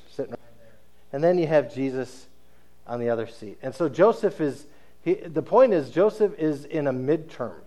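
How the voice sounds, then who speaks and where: Conversational male preacher, mid-pitched. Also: mellow. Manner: conversational storytelling, checks in with listeners. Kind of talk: sermon.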